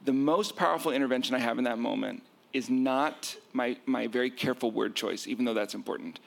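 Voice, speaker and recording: A middle-aged man, a marriage therapist, explaining relationships in an animated way and acting out quoted arguments. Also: medium pitch, brisk, gravelly. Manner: acts out quoted arguments, self-described nerding out.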